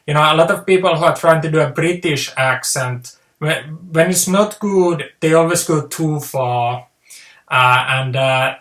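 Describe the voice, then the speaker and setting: A man's voice: a little high, a bit bright. A man hosting his own video channel, rambling through a casual, hesitant monologue. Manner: hesitant, many fillers and restarts. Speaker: video host. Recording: roomy echo.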